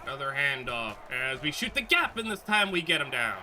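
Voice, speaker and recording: A man giving excitable let's-play commentary on a football video game, reacting aloud to each play. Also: medium pitch, brisk, a little hiss or hum. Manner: excitable, talks back to the game. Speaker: gaming YouTuber.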